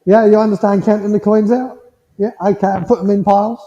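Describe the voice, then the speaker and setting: A gentle, reassuring man gives a mediumship demonstration, his voice high and dark in tone. The sound is dull and muffled, and it rings with the long reverb of a village hall. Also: fairly even intonation, fairly quick. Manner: gentle, reassuring, checks in with "yeah?" often.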